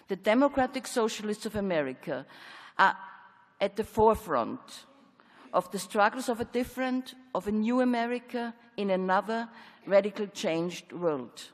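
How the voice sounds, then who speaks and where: Austrian lady reading a speech, mid voice, big echoey hall. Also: medium pitch. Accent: Austrian German. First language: German. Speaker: convention speaker. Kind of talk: formal speech. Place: large convention hall. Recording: long hall reverb.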